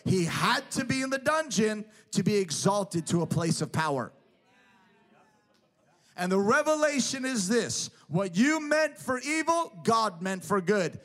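A man with a notably high-pitched voice delivers an emphatic sermon. He drives each point home with repeated, parallel phrases. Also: very animated, unhurried, a bit bright. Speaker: preacher.

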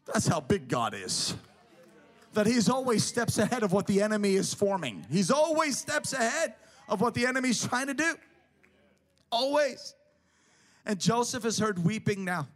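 A man's voice: high voice, big pitch swings, moderate pace, a bit bright. A man preaching a sermon, emphatic, building his points through repeated parallel phrases.

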